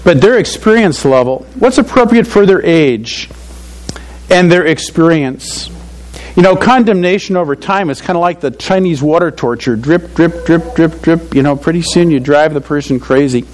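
Earnest older male preacher, fairly high voice. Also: moderate pace, poor audio. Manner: conversational, earnest, frequent "you know". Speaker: pastor. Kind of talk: sermon.

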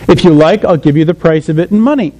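Man doing a greedy king, wheedling and bargaining, a bit quick. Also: fairly high pitch, dark tone, a little hiss or hum, natural voice.

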